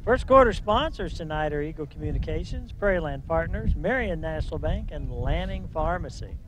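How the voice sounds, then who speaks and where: A man's voice: on the high side, expressive, moderate pace. A man doing play-by-play for a local football game outdoors, joking dryly with his co-hosts. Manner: jokey, dry banter between plays. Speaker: play-by-play announcer. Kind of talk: local sports commentary. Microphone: wind-blown broadcast mic. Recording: wind noise in outdoor mics.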